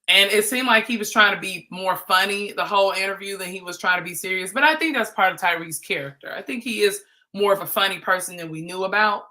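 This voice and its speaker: A woman's voice: medium pitch, fairly quick, bright, forceful tone. A woman hosting a livestream, giving chatty, playful commentary on a reality show and teasing as she goes. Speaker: livestream host.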